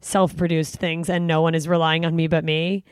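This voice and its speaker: A woman's voice: sits low, little pitch movement, moderate pace, clean tone, no echo, studio quality. A woman chatting on a podcast in an effusive, exclamatory way. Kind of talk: casual podcast chat.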